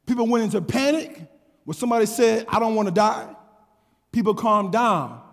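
A man preaching a sermon, telling a story with call and response, repeating his words and building to shouts. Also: sits high, animated, normal speed, creaky, in a large hall. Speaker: pastor.

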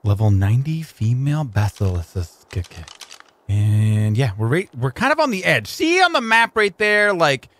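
A young man giving casual let's-play commentary, excitable and playful, chatting with his in-game creatures in slang. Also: mid-range voice, measured pace. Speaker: gaming YouTuber.

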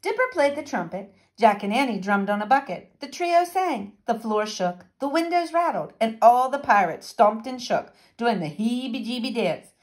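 A woman teacher reading a storybook aloud to children in a lively, child-directed way. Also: on the high side, moderate pace.

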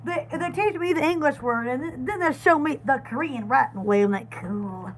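A woman's voice: high-pitched, animated, moderate pace. A woman hosting a live sale, chatty and giggly, stumbling and repeating words. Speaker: live-stream seller. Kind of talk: casual live sale chat.

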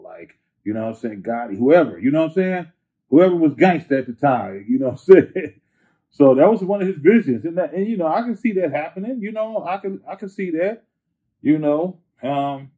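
A man from Northern California chatting as an interview guest, slangy and animated, repeating phrases for emphasis. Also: fairly high pitch, husky. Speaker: rapper guest. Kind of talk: casual interview chat. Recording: tinny phone-like line.

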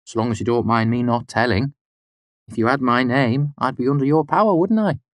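A cheerful old hermit with a bright, rich voice and a quirky, mild way of speaking, as an audiobook narrator puts him on. The sound is dry and close, with no room around it. He talks at an ordinary middle pitch. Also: brisk, no room sound, natural voice. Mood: wary.

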